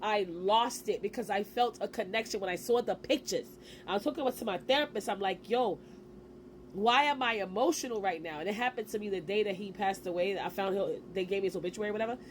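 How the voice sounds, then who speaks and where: A woman in her forties telling a personal story to camera in a casual, animated way, with slang and quick asides. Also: mid-range voice, a little hiss or hum. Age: 40s. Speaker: vlogger.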